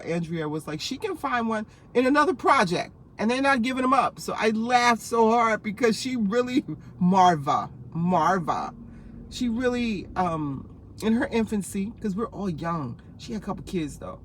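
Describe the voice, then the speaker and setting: A woman in her fifties from New Jersey, telling rambling stories to camera in a casual vlog, laughing often with lively asides. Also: lowish voice, a little hiss or hum. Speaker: vlogger.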